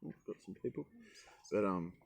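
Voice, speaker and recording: A man's voice: deep voice, lively intonation, moderate pace, creaky, darkish tone. A man chatting casually in a vlog, rambling and poking fun at himself while he cooks outdoors. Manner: rambling, self-mocking, jokey. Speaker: travel vlogger. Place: outdoors in a forest.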